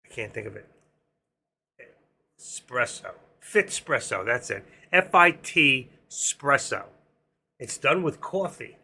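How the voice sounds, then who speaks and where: A man in his sixties hosting a casual stock trading livestream, rambling and joking between chart calls, his voice going hoarse. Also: mid-range voice, very animated, slow pace, pauses often, pushed and bright. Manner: rambling, joking asides, sings snatches of songs. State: losing his voice. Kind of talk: casual live-stream market commentary.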